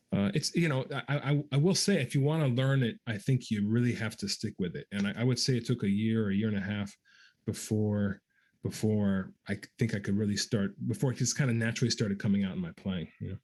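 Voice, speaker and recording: A man, a guest trombonist, answering viewer questions in a casual livestream, pausing with many ums and scatting practice syllables aloud. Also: lowish voice, darkish tone.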